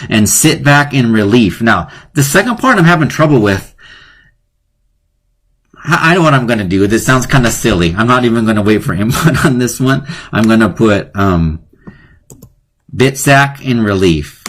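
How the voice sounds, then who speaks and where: A man teaches a live online class in a chatty, playful way, and he often laughs at his own jokes. His voice sits at a middle pitch and comes through a computer mic on the stream. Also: lively intonation, normal speed, fairly bright tone. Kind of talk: live-streamed lesson on wordplay.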